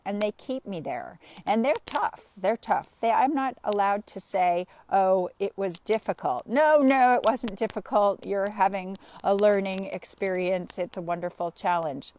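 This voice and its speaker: A woman life coach on a live stream, telling an animated personal story and greeting viewers by name. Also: medium pitch, a little hiss or hum. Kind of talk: live-streamed motivational talk.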